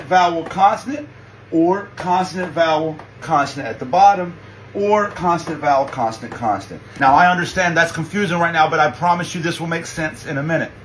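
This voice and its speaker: A man's voice: a little high, a little hiss or hum, low-quality recording. A man giving a casual spoken tutorial, patient and reassuring, drawing out each letter sound. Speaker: language teacher.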